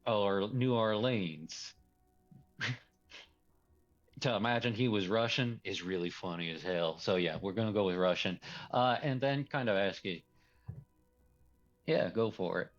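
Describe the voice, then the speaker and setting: A man's voice: on the low side, measured pace, long pauses, lo-fi sound. A man running a tabletop role-play as game master, talking in a loose, rambling way and laughing often.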